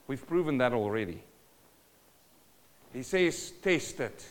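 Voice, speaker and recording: A man's voice: medium pitch, animated, slow, big-room sound. A man preaching a sermon, emphatic and calling out to the congregation for responses.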